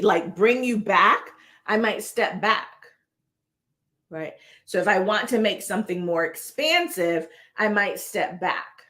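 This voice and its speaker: A woman presenting a casual video lesson on speaking, talking in an animated, conversational way and often asking "right?". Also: on the low side. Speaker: presentation coach. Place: indoor room, moving between standing and seated. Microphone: on-camera recording.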